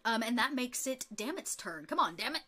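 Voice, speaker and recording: A woman's voice: on the high side, big pitch swings, brisk, sharp tone. A woman narrating as game master in a casual tabletop game, chatty with many fillers.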